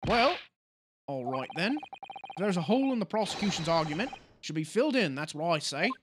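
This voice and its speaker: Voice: medium pitch, sing-song, a little fast, noisy background, lightly acted. A game player voicing a blunt older male juror in an attempted posh British accent.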